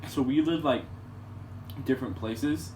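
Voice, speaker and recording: A man's voice: medium pitch, unhurried, darkish tone. A man telling a casual story in a rambling, crude way, with many restarts. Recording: distant mic with clear background noise.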